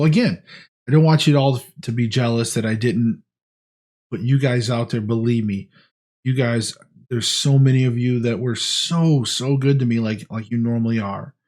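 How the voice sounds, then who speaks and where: A man talking casually in a diet vlog, earnest and rambling with frequent restarts. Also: medium pitch. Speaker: vlogger.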